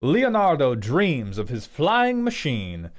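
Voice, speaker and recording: Animated man streaming deck reviews. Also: on the high side, takes it slowly. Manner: animated, profane, breaks into loud outbursts and laughter. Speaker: streamer reviewing viewers' card game decks. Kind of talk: casual livestream commentary.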